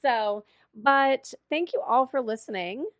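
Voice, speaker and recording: Podcast co-host, woman, fairly high voice, dry close mic, giggly and rambling, a little tired. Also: slow pace, dry recording. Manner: giggly, chatty, trails off and restarts. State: tired late at night. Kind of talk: casual chat. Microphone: studio microphone.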